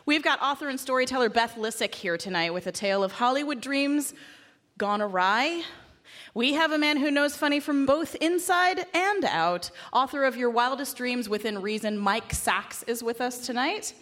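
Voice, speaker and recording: Bright, high-voiced woman hosting a live show. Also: animated, moderate pace. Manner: upbeat, enthusiastic introductions. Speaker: radio show host. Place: theater stage.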